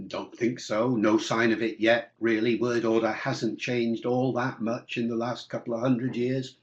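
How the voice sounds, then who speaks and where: An older man answering listener questions in a webinar, in a discursive, explanatory way. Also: mid-range voice. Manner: discursive, explanatory, with fillers and asides. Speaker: guest linguist answering questions. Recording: dull lo-fi webinar audio.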